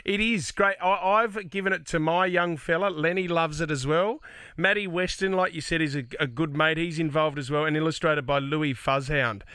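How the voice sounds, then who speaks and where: A man's voice: on the high side, normal speed, pushed and bright, smooth, no room sound. A man hosting a radio show, interviewing a guest with upbeat enthusiasm. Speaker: radio host.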